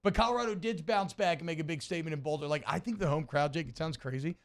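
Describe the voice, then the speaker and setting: Guy cohosting sports radio, kinda high voice, joking and hyped about the games. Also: quick pace. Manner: animated, joking, emphatic. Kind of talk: casual sports talk.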